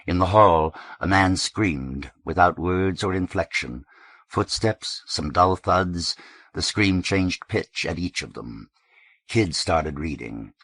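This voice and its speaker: Male audiobook narrator, measured and understated, very low voice, dry close sound. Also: animated, fairly bright tone, breathy edge, no room sound.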